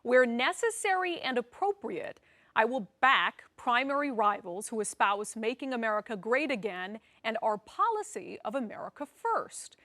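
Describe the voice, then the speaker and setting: A woman hosting a political news program, presenting in a brisk, conversational way with wry asides. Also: fairly high pitch, fairly bright tone. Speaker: news show host.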